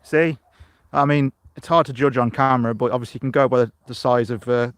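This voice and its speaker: Speaking a little quickly in a steady, mid-range voice, this middle-aged English allotment vlogger chats rambly on a live stream. He talks into a phone camera outdoors, responding to viewers along the way, and the recording is dry.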